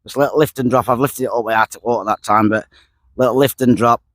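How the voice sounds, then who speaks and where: Bloke chatting away at the lake, plain mid voice, dry close sound. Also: male voice, medium pitch, fairly even intonation, quick pace, fairly bright tone, dry recording. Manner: chatty, drops articles, repeats himself. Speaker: fishing vlogger. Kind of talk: casual talk to camera while fishing. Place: lakeside outdoors.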